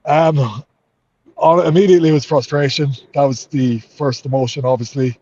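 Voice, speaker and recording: A man's voice: mid-range voice, fairly even intonation, normal speed, darkish tone, lo-fi sound. A man with an Irish accent, a fighter in an interview, talking heatedly and swearing a lot. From Ireland. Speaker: MMA fighter.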